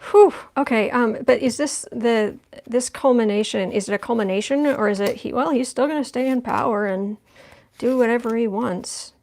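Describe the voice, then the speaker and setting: A woman with a somewhat high voice hosts a livestream tarot reading. She talks through each card as she turns it over, thinking aloud in a loose, conversational way. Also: moderate pace, a little mellow. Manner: thinks aloud while turning cards, conversational. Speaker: tarot reader.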